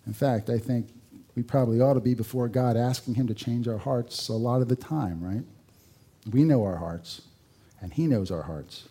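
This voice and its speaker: Male preacher, warm mellow tone, chatty sermon delivery with asides and wry jokes. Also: mid-range voice, normal speed, breathy edge. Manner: conversational, rhetorical questions, dry humor. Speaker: pastor.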